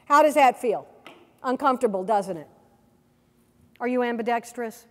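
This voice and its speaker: A woman with a high voice leads a workshop, quizzing her audience in a lively, engaging way. Her voice carries a long reverb from a large room. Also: normal speed. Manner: lively, asks the audience questions. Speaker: seminar presenter. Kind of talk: teaching a workshop.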